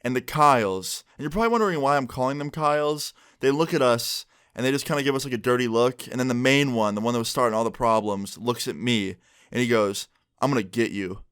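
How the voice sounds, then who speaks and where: Animated young man telling a story. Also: medium pitch, fast, clean tone. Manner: animated, joking, swears freely. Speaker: storyteller vlogger. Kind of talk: casual story time.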